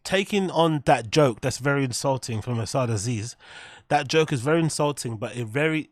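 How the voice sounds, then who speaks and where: A man's voice: mid-range voice, dry recording, clean studio sound. A man hosting a livestream, rambling and swearing casually as he talks to his viewers. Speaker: streamer host.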